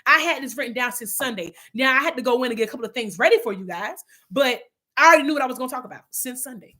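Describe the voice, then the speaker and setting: A woman's voice: sits high, expressive, rapid-fire, sharp tone. A woman leading an online Bible study in a casual, heartfelt way, talking straight to her listeners and often restarting her sentences. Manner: heartfelt, earnest, addresses listeners as y'all; rambling with frequent restarts. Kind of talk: casual spiritual talk to viewers.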